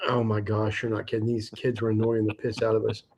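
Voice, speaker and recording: A man hosting a livestream, telling a fishing story in a casual, animated and profane way. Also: lowish voice, fairly quick, slightly rough. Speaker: livestream host.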